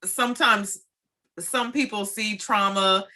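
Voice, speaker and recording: A woman's voice: medium pitch, slow, sharp tone. A woman hosting a casual conversation, telling a personal story in a chatty way and mimicking what others said. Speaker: host. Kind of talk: casual chat.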